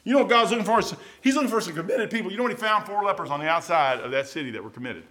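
A middle-aged pastor preaches in a folksy, talk-to-you manner, his voice sitting a bit high for a man. He drifts into quiet asides, then breaks into loud, shouted bursts. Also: lively intonation, rapid-fire. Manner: folksy, conversational preaching with sudden loud outbursts. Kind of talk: sermon.

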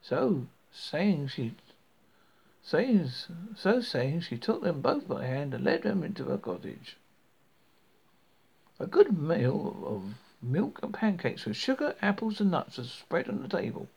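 A man reading a fairy tale aloud, halting and often stumbling over words, on a dull lo-fi recording. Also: fairly high pitch, big pitch swings, vocal fry, a little mellow, breathy edge. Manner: halting, with frequent stumbles and restarts. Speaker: storybook reader.

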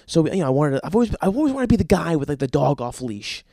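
A man's voice: fairly high pitch, sing-song, fast, dark tone, dry recording, studio quality. A young man telling a rambling, profane comic story about his own life. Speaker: comedian.

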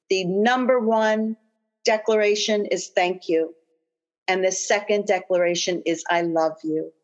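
Woman coach, mid-pitched, earnest and repetitive guided affirmations, muffled lo-fi sound. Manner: slow, earnest repetition of phrases. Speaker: guest coach and author. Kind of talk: guided affirmations and personal storytelling. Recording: dull lo-fi audio.

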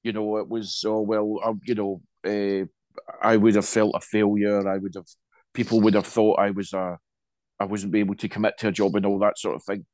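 Male podcast host, deep-ish voice, dry mic, loose rambling delivery. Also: flat delivery, fairly quick, darkish tone, no echo. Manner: rambling, many restarts and asides. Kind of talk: casual chat.

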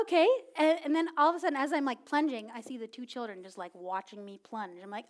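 A woman in her thirties preaching a sermon, telling a personal story in a casual, animated way with many filler words. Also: a little high, fast talker, few pauses. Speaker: pastor.

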